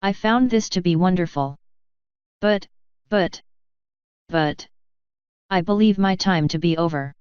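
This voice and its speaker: A formal, measured male changeling in pony disguise, read by a woman in her own lowish voice. The delivery is calm and smooth over a dry, slightly dull recording. It comes from a storybook reading. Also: dry recording, close to an everyday voice. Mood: content.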